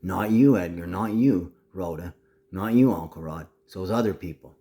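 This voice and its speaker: Deep-voiced man ranting, profane and agitated. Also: normal speed, warm tone. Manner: profane, agitated, jumps between topics; slips in and out of a mock Aussie twang. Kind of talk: rambling video message to family.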